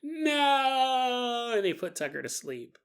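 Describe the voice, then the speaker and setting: A woman narrates a paranormal tale for her podcast with a bright, forward voice. She keeps it loose and jokey, slipping into little voices for the people in the story. Her pitch sits in an ordinary middle range. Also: animated, moderate pace. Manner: chatty and joking, acting out the people in the story. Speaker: podcast host.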